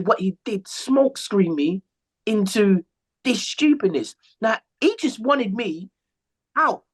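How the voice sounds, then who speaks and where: Man, casual podcast chat, animated storyteller, very lively pitch, swears freely. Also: breathy edge. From England. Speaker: podcast co-host, former footballer.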